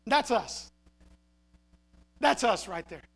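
A man with a very high voice preaching a sermon. He moves between fiery shouted points and soft, hushed asides, punching key phrases with repetition. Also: slow, gravelly. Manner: animated, shouting for emphasis, then dropping quiet.

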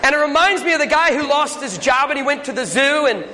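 Male preacher, folksy storyteller, high voice, reverberant sanctuary. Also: expressive, fast talker, bright, forceful tone. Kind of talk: sermon with joke telling. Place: church sanctuary. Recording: echoey church hall.

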